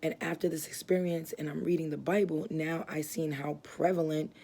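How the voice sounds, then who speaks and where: Brief: young woman, low, flat, gravelly voice, earnest halting religious testimony. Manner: earnest, halting, many fillers and restarts. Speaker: ministry founder giving testimony.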